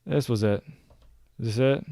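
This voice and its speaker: A man chats through replays of his own gameplay, excitable and talkative, constantly turning to his audience. His voice sits at a middling pitch for a man. It is recorded close and dry, with no room sound. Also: moderate pace, vocal fry, no room sound. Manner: chatty, excitable, addresses viewers as guys. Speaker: gaming streamer reviewing his own clips. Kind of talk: casual game commentary to viewers.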